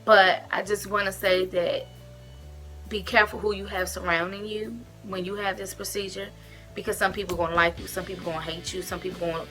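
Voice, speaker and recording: A woman vlogger earnestly recounting her surgery recovery and giving direct, heartfelt advice in a casual to-camera talk. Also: on the low side. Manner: earnest and expressive, retells events with emotion and direct advice. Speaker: vlogger sharing her weight-loss surgery experience.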